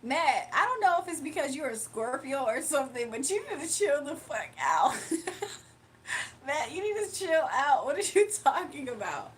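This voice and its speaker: High-voiced woman live-streamer, laughing a lot. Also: sing-song, normal speed, a bit bright, slight background noise. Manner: laughs often, reads chat aloud. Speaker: livestream host. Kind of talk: casual live-stream chat.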